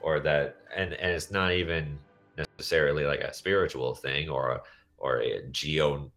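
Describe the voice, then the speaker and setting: A young man from the United States, hosting a casual podcast chat, rambling through tangents with deadpan jokes. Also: very deep voice, moderate pace, faint music behind. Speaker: podcast host.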